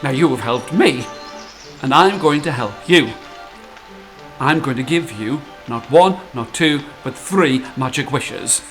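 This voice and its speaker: A man voicing a small, kind fairy princess in a gentle, sing-song voice for a told folk tale. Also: mid-range voice, animated, a little slow, faint music behind, poor audio.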